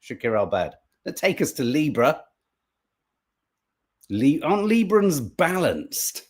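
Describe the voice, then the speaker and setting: A man's voice: on the high side, takes it slowly. A male podcast co-host in casual chat, reading out viewer comments with jokes and free swearing. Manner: jokey, animated, swears freely.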